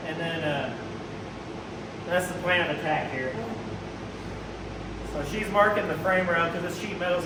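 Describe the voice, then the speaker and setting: A man hosting a casual shop vlog, joking as he works in a garage. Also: on the high side. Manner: laid-back, joking, talks while working. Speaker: host, car builder. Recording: echoey shop, from far off, noisy.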